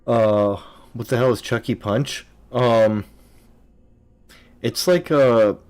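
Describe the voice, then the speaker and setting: A man's voice: mid-range voice, takes it slowly, a little mellow, clear, resonant tone. A young man streaming a game, chatting casually in a rambling, filler-heavy way and answering viewers' questions. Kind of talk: casual chat while streaming gameplay.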